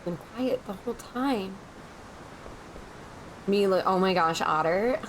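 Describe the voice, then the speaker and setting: A woman's voice: mid-range voice, takes it slowly, a little hiss or hum. A woman streamer giving casual, amused commentary while playing a game. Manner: chatty and amused, reacting to the game. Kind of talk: casual let's-play commentary. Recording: game music behind the voice.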